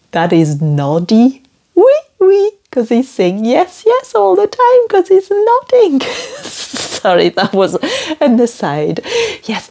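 A woman with a Geordie accent, teaching French phrases to children in a slow, playful, exaggerated way. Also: dark tone, husky. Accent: Geordie English. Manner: playful, slow and exaggerated, with big swoops in pitch. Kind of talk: children's language lesson.

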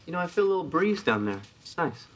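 A man's voice: on the high side, big pitch swings, fast talker, background noise. An actor playing a brash, boastful womanizing friend in a sitcom. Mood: cocky. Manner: cocky, boastful. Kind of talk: sitcom acting.

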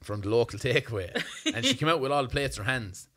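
A young Irish man co-hosting a podcast, telling an animated, self-mocking story in casual chat. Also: medium pitch, fast. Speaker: podcast co-host.

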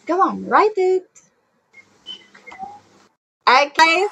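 A woman's voice: very high voice, very animated, extremely slow, gravelly, pushed and bright. A woman teaching a one-on-one English lesson over a video call, drilling words for the student to repeat and praising each answer. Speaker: online English tutor. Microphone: headset or computer mic on a video call.

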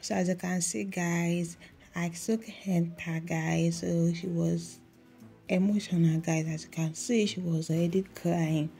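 A woman's voice: lowish voice, level tone, measured pace, vocal fry, faint music behind. A woman hosting a reaction video, recapping a drama episode in casual chat, saying "guys" a lot and reading lines aloud. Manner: keeps saying "guys," reads out subtitle lines, soft near-whisper at times.

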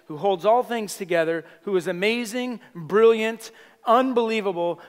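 In a church sanctuary, the senior pastor delivers his sermon in a high, bright voice shaped by a Californian accent. His style is lively and chatty, sprinkled with playful remarks to the congregation, all wrapped in the hall's long echo.

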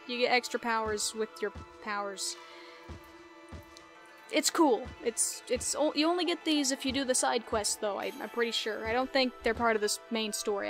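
Giggly Southern woman playing a game. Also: on the high side. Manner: giggly, chatty, joking. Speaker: let's play host. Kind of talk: casual gameplay commentary.

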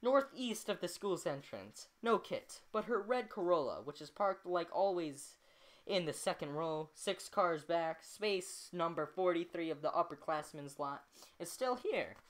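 Woman reading a book out loud, kinda low voice, bouncy delivery, keeps stopping to comment and laugh. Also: expressive, a little slow. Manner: chatty, laughs at her own slips, breaks off to comment. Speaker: amateur reader. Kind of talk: reading a novel aloud with asides.

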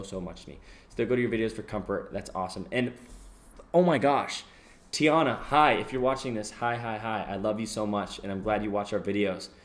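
A young man live-streaming, casually reading out donations and thanking viewers, swearing freely and yelling when a game goes wrong. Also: lowish voice. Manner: excitable, swears freely, yells during gameplay. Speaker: livestreamer.

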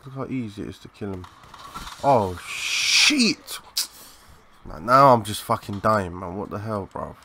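A young man giving live, excitable commentary over a shooter game, swearing and chatting in slang. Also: lowish voice, fairly quick, vocal fry, hardly any pauses, noisy background. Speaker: gaming commentator.

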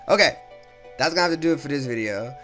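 A young man giving casual commentary while playing a horror game, reacting loudly and saying "bro" a lot. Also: on the high side, animated, brisk. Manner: casual, reactive, swears, says "bro" often. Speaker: gaming YouTuber. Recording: game music behind voice.

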